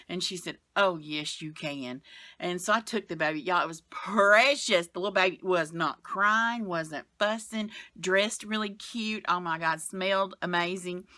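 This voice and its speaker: A woman's voice: on the low side, sharp tone, no room sound. A middle-aged woman, vlogging from her bed in a frank, rambling chat that trails off and comes back with sighs. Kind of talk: casual chatty vlog. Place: bedroom, sitting on the bed.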